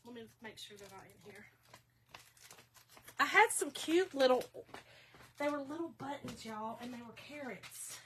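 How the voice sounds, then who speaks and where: A woman's voice: sits high, lively intonation, a little slow, long pauses, a bit bright, slight background noise. Chatty woman crafting on a livestream. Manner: chatty, laughs often, talks to viewers as y'all. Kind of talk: casual livestream chat while crafting.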